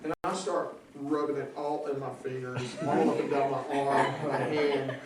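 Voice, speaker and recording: A man from South Carolina with a Southern accent preaching, telling funny stories with laughs and loud bursts. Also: mid-range voice, steady tone, moderate pace, over a noisy crowd. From South Carolina, USA. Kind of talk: comic storytelling sermon. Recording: echoey hall from far off.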